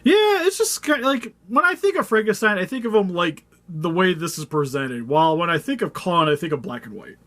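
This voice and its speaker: A man's voice: high-pitched, sing-song, a little fast, few pauses, fairly bright tone, no echo. A man hosting a casual action figure review, chatty and laughing easily between loose fillers. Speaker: toy review host.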